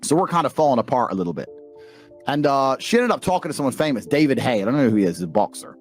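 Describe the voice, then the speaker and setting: Rapid-fire and very animated, this former kickboxer from England speaks in a mid-range voice as a podcast guest. The middle-aged man swaps blunt, profane stories in casual conversation while faint music plays behind him.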